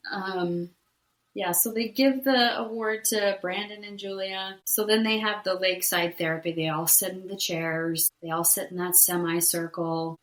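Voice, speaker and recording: A woman's voice: on the low side, a bit bright, roomy sound, low-quality recording. A woman co-hosting a casual podcast, retelling a reality show episode step by step with frequent "um"s and "right?". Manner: recaps events step by step with many "um"s and "right?". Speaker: podcast co-host.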